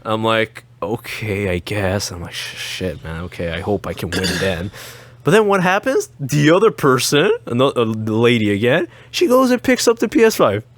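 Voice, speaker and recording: A man co-hosting a podcast in casual chat, telling an animated story with acted-out quotes and frequent laughs. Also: fairly low pitch, normal speed, dry recording. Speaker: podcast co-host.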